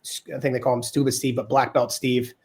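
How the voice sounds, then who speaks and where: A man, a podcast guest, in casual chat, talking in an animated, rambling way with many fillers. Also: medium pitch, quick pace. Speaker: podcast guest, Olympic wrestler.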